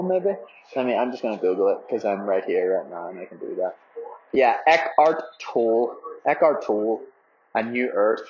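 A young man from Ireland rambles through a casual spoken update, peppering it with fillers and swearing freely. His voice sits at an ordinary middle pitch, and the recording is a little dull and lo-fi. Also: slight background noise. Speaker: marathon runner vlogger.

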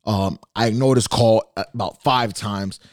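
A man hosting a casual solo podcast from his bedroom, energetic and swearing constantly. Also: fairly low pitch, measured pace, no room sound. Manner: energetic, swears a lot, jumps between hype and mock sadness. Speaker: podcast host.

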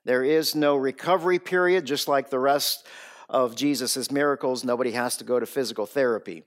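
A man's voice: mid-range voice, a little fast. A man preaching an expository sermon. He is emphatic, repeats his phrases for weight and keeps asking the listeners rhetorical questions.

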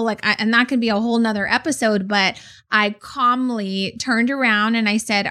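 Middle-aged woman, earnest storyteller, podcast co-host, medium pitch. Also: fairly even intonation, moderate pace, bright, forceful tone. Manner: earnest, tells personal stories. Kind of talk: conversational storytelling.

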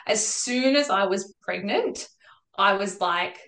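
A woman's voice: medium pitch, animated, slow pace, a bit bright. A pregnant woman with an Australian accent, a podcast guest talking casually, laughing often and acting out what people said. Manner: chatty, laughs often, acts out quoted talk. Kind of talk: casual chat. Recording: echoey room.

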